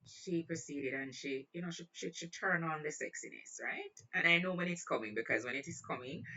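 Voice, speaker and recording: Animated Jamaican woman telling a story. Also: extremely low pitch. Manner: animated, mixes patois with standard speech. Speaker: host. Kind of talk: casual storytelling. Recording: distant, dull lo-fi sound.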